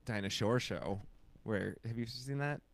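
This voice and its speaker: A man's voice: lowish voice, unhurried, gravelly, dry recording. Chatty rambling male podcast co-host. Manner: chatty, rambling with many fillers. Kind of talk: casual chat.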